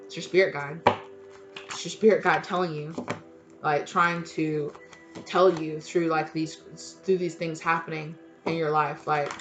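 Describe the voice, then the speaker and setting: Woman, tarot reader, casual reading, blunt, curses a lot, repeats herself for emphasis, lowish voice. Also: level tone, unhurried, over music. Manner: blunt, swears freely, emphatic repetition.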